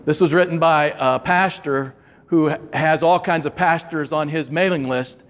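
A male pastor delivers a sermon in a church, moving from wry, joking storytelling to slow, earnest reflection. His voice sits high for a man. A long hall reverb trails every phrase. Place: church sanctuary.

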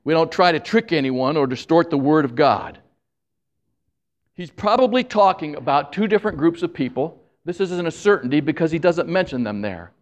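Male pastor, slightly higher voice, lively preaching delivery with asides to the congregation. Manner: animated, jokes with the congregation; admits he talks fast when excited. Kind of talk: sermon.

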